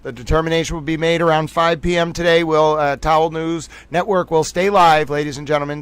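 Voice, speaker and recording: Man, Boston accent, live-stream host, theatrical, keeps repeating catchphrases, slightly high voice, smooth clear tone. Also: fairly even intonation, a little fast, hardly any pauses, no room sound. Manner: theatrical, repeats catchphrases, addresses viewers directly. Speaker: livestream host.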